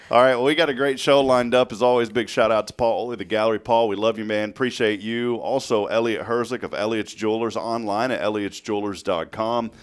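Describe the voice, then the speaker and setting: A man's voice: fairly low pitch, steady tone, brisk. A man, hosting a local morning talk show, telling rambling stories full of fillers and laughs. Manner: chatty storyteller, laughs often, many fillers. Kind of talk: casual chat.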